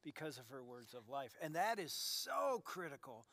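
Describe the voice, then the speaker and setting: A man in his sixties sharing a conversational sermon as a pastor, earnest and dropping to soft emphasis. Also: a little high, very animated, normal speed, no room sound.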